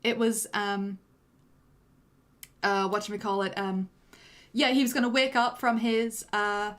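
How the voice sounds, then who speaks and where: A woman's voice: medium pitch, flat delivery, a little slow, a bit bright. A young woman giving loose, self-deprecating director's commentary on her own animation during a livestream, full of fillers. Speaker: animator and streamer.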